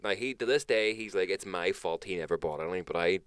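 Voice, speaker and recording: A young man with a Northern Irish accent, co-hosting a podcast in sweary, animated casual chat. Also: deep voice, a little fast, few pauses, clear, resonant tone, dry recording. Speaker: podcast co-host.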